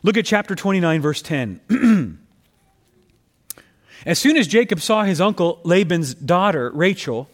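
A man's voice: sits high, sing-song, a little slow, pauses often. A man preaching a sermon, reading scripture aloud and pressing his points with rising emphasis, calling his listeners friends.

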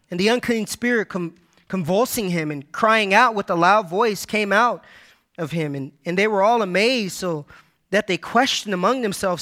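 A man's voice: sits high, moderate pace, bright, forceful tone. A man preaching a sermon, reading scripture aloud and repeating key phrases for emphasis as he addresses the congregation.

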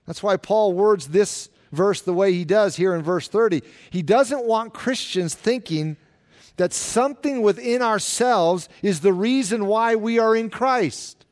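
A man preaching a sermon in an earnest way, slowing down to stress the scripture he quotes. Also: high-pitched, darkish tone. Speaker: pastor.

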